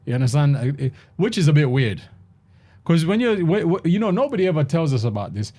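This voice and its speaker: A man chatting in a relaxed group discussion, his voice slightly high yet mellow and soft. He talks in bursts, repeating words and restarting sentences as he works out his point. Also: fast talker. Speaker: host. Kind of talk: casual discussion. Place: London.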